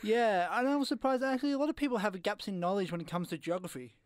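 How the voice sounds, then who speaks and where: A man's voice: high voice, fast, dry recording, clean studio sound. A young man hosting a casual student radio show, playful and jokey, tripping over his words now and then. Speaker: radio host. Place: radio studio. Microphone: studio microphone.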